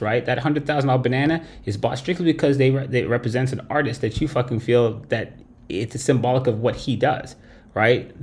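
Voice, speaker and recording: Speaking in a mid-range, somewhat mellow voice, a man runs a late-night livestream full of blunt, profane ranting. "Right?" punctuates nearly every point he makes.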